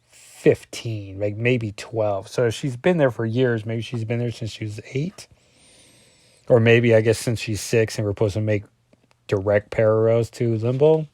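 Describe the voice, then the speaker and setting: A man's voice: lowish voice, steady tone, measured pace, dark tone, no echo. A man casually reviewing a comic book page by page, rambling and often correcting himself with lots of ums.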